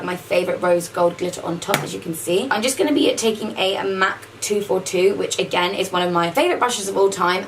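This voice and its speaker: A woman's voice: mid-range voice, far from the mic, a little hiss or hum, rough recording. A woman casually talking through a makeup tutorial, chatty and saying "like" a lot. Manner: chatty, says "like" often. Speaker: makeup vlogger.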